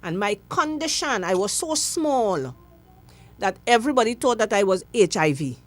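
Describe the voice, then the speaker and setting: A middle-aged woman with a Trinidadian accent, a guest in an interview, telling her story with lively acted-out dialogue. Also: mid-range voice, normal speed. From Trinidad and Tobago.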